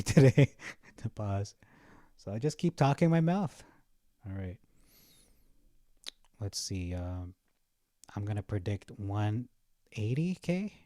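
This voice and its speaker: A man's voice: fairly low pitch, dark tone, no echo, clean studio sound. A young man giving casual, rambling commentary on his vlog while browsing, chatty and often laughing at his own jokes. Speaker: stock market vlogger.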